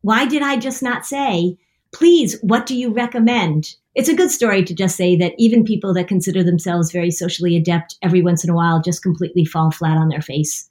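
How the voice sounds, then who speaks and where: A woman's voice: lowish voice, fairly even intonation, quick pace, hardly any pauses, a little mellow. Self-deprecating woman telling stories. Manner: self-deprecating, laughs often. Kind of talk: casual chat, storytelling.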